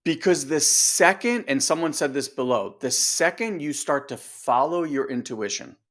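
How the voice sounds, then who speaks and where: A male coach with a slightly high voice, talking straight to his audience. He is emphatic and direct and keeps throwing rhetorical questions at the listeners. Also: normal speed, a bit bright. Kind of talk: motivational coaching talk.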